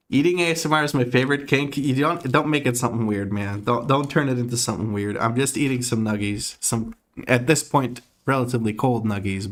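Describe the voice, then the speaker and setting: A man streaming from home, chatting casually with his audience, laid-back and laughing often as he reads chat aloud. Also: medium pitch.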